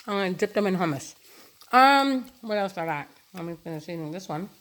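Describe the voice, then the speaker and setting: A woman's voice: on the low side, animated, brisk, noisy background. Chatty woman vlogging her produce haul. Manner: chatty, enthusiastic, eats while talking. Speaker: vlogger showing a farm share haul. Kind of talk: casual chatty vlog. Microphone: phone camera.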